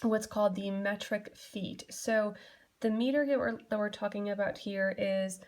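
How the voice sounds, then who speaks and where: A woman's voice: medium pitch, steady tone, normal speed, darkish tone. A young adult woman teacher giving a classroom lesson, explaining patiently and steadily with frequent fillers. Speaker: English teacher.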